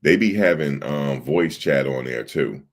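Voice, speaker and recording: A man's voice: a bass voice, expressive, measured pace. A man hosting a livestream, rambling in casual chat and talking straight to his viewers in the chat. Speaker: livestream host.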